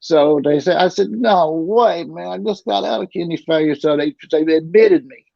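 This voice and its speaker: Middle-aged male guest, gravelly, slightly high voice, rambling and repetitive, dull lo-fi sound. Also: normal speed, a little mellow, dry recording. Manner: rambling, repeats and restarts words. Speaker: interview guest. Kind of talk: casual storytelling. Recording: dull lo-fi recording.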